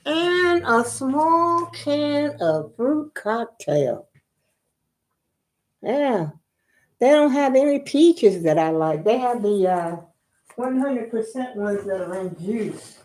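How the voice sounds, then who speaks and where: A woman's voice: a little high, lively intonation, takes it slowly, darkish tone. An older woman chatting casually on a live stream, homey and talkative, calling her viewers y'all, a little out of breath. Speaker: vlogger.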